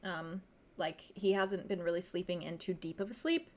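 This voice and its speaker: A woman's voice: on the low side, normal speed. Chatty woman game master. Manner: chatty, laughs often, loose filler-heavy narration. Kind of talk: casual narration of a tabletop game.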